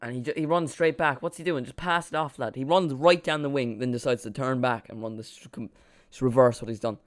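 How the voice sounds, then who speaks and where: Man, live match commentary, chatty and excitable, self-mocking, smooth clear voice, dry close sound. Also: medium pitch, a little fast, no echo. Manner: chatty and excitable, jokes about himself. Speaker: live watchalong streamer. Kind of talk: casual play-by-play commentary.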